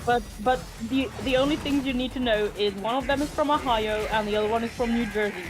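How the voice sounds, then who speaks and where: A woman from Germany, chatting on a group stream, telling a story haltingly and making dry jabs. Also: a little high, poor audio. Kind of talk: casual group chat. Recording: music behind the voice.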